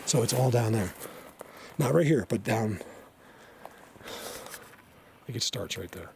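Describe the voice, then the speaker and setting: A man's voice: fairly low pitch, a little slow, vocal fry, background noise. Rambling man vlogging in the woods. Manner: rambling, excitable, laughs often, drops to hushed tones. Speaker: vlogger, Bigfoot researcher. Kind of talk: casual hiking vlog. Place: snowy forest outdoors.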